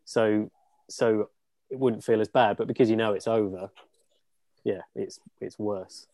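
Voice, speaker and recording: A man's voice: on the low side, steady tone, measured pace, warm tone, no room sound. A man talking football on a casual podcast, earnest and a little weary. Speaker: podcast guest.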